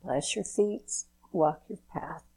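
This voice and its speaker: A woman officiant moves through a chakra blessing at an unhurried pace. Her voice is husky and a little gravelly, set somewhat low. The delivery is measured and incantatory. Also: warm tone, low-quality recording. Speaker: spiritual officiant giving blessings.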